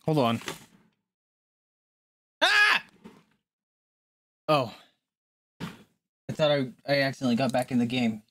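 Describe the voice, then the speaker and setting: Over slight background noise, a mid-range voice with fairly even intonation talks at a moderate pace, pausing often. It belongs to a streamer playing a horror game live, who startles easily, curses heavily, screams at frights and addresses the chat head-on.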